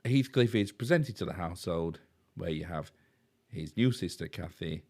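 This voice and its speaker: Yorkshire man, deep voice, podcast co-host, chatty rambling plot retelling. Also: animated, moderate pace, darkish tone. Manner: rambling retelling with fillers and tag questions. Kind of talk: casual film recap chat.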